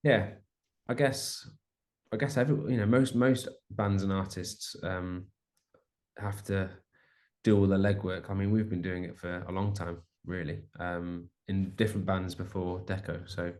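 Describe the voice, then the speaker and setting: A man's voice: deep voice, fairly even intonation, a little slow, a little mellow. A young adult man, a musician guest chatting casually in an interview, rambling with many restarts and fillers.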